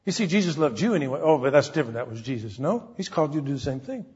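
A man's voice: fairly high pitch, sing-song, rapid-fire, darkish tone, slightly rough. A man preaching an earnest, folksy sermon, acting out the people he quotes. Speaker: pastor. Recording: dull recording in a hall with long reverb.

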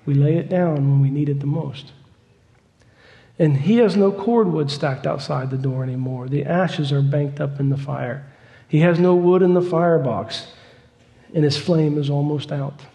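A man preaching a sermon, telling a story with growing fervor. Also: a little high. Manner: storytelling, fervent, rising to loud excitement. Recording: long hall reverb.

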